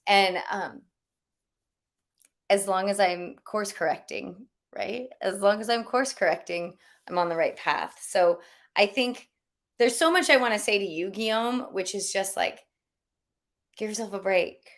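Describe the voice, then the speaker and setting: A woman's voice: medium pitch, a little slow, a bit bright. A woman spiritual teacher giving casual, rambling advice, full of fillers and restarts. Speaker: spiritual teacher answering questions.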